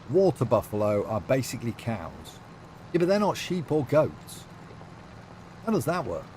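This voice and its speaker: A man's voice: medium pitch, a little mellow, a little hiss or hum. Rambling man chatting on stream. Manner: rambling, reads chat aloud, many fillers. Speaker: game streamer. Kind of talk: casual livestream chat.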